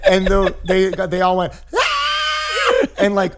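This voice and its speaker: A man's voice: sits high, moderate pace, shouting. A man guesting as a comedian on a podcast, telling stories in casual chat and acting out voices and sound effects. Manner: animated storyteller doing voices and sound effects.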